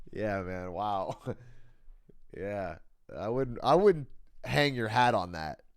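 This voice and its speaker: A man's voice: lowish voice, drawn-out words. A young adult man streaming, chatting casually with his viewers and reading out their messages, laughing often and swearing freely. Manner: animated, laughing, swears often, reads out chat.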